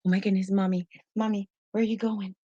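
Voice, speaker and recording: A woman voicing her anxious, adoring little female dog in a high, pleading voice. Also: flat delivery, fast, dark tone, lo-fi sound, close to an everyday voice. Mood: fretful.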